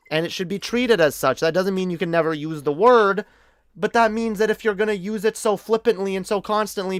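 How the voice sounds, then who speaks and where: A man's voice: a little high, fairly bright tone, clear, resonant tone, no room sound, clean studio sound. A man streaming a heated, casual commentary rant, emphatic and profane, often stumbling over repeated words.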